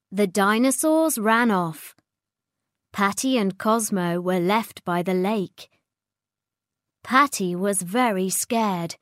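Storyteller: woman reading to children, slow and expressive, dry close sound. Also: medium pitch, no echo.

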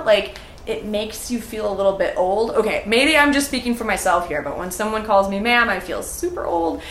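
Upbeat female English teacher, slow and clear, slightly high voice, echoey room with faint hiss. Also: big pitch swings. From North America. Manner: upbeat, slow and deliberate, models phrases for repetition. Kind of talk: enthusiastic language lesson.

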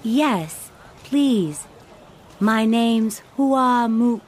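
A woman voicing a brave young woman warrior in a storybook reading, speaking slowly and earnestly. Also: fairly high pitch, animated, slight background noise, pitched above the performer's own voice. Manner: slow, earnest delivery. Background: background music.

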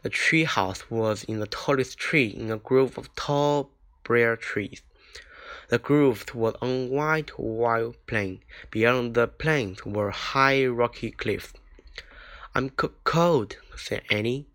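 Slow, careful man reading a storybook. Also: medium pitch, a bit bright. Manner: slow, careful reading with small slips and restarts. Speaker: reader. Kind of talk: reading a children's book aloud.

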